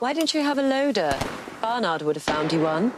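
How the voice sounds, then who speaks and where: An actress playing a poised young aristocratic lady in a period drama, dry and crisp. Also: medium pitch, very animated, a little fast, background noise, natural voice. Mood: cool.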